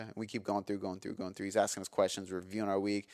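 A man in his thirties with a low voice, hosting his own podcast. He tells a candid personal story with energy and emphasis, swearing now and then. The sound is dry and close, with no room around it. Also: fast talker, few pauses, dry recording. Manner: energetic, emphatic, frequent fillers and profanity. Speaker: podcast host.

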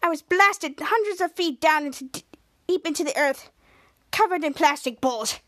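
A woman doing a shrill childish toddler villain. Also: normal speed, a bit bright, no room sound, clean studio sound. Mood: self-pitying. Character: childish vengeful male supervillain toddler.

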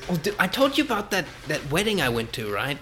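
A young man with a Texan accent chatting casually with a friend, laid-back and quick to laugh. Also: fairly high pitch, sing-song, pushed and bright, faint music behind. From Texas. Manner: laid-back, laughs often, says dude. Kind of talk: casual chat.

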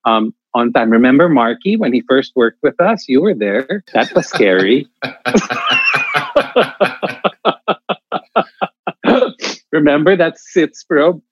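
Male theatre mentor, interview guest, emphatic and restarting often, mid pitch, dull dry sound. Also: moderate pace, hardly any pauses, a little hiss or hum. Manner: emphatic, animated, many restarts. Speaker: theatre director and acting mentor. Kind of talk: candid interview answers.

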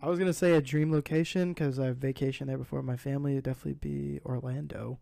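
A young man co-hosting casual chat, reading listener questions and talking easily, with a slightly gravelly voice. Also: mid-range voice, steady tone, fast, dark tone, no echo, soft background music. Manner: chatty, laughs easily, sports talk.

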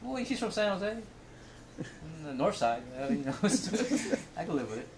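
A man's voice: on the high side, big pitch swings, measured pace, a crowd in the background. Joking man in casual podcast chat. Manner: joking, rambling, laughs between lines. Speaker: podcast co-host.

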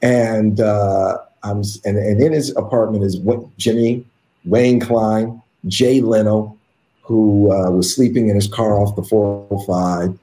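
A man from the United States telling stories as an interview guest, animated and acting out the quotes. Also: lowish voice, unhurried. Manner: animated storyteller who acts out quotes. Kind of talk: casual anecdote telling. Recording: roomy echo.

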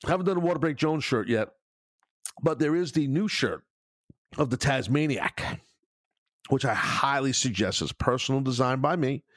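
A man's voice: medium pitch, no room sound, studio quality. A middle-aged man hosting a podcast in blunt, profane, casual chat. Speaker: podcast host.

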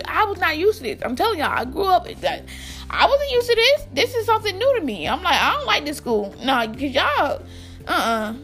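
A young American woman tells a school story straight to her viewers in a casual, rambling way. Her voice sits high and she keeps restarting her sentences. Faint music plays underneath. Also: moderate pace. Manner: rambling, animated, many fillers and restarts. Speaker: vlogger.

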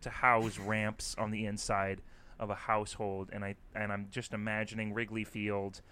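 Bright, smooth-voiced man riffing dryly. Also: lowish voice, moderate pace. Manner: deadpan riffing, builds long bits. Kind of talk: casual comedic chat.

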